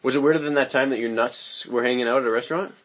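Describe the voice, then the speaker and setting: A man's voice: medium pitch, fairly even intonation, rapid-fire, a bit bright. A man co-hosting a podcast, chatting casually and teasing with frequent laughter. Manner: giggly, teasing. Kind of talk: casual chat.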